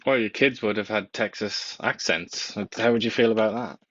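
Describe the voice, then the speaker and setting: A man's voice: fairly low pitch, normal speed, fairly bright tone, no echo. A man co-hosting a casual political chat, giving blunt and dismissive opinions. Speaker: co-host. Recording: dull, dry lo-fi sound.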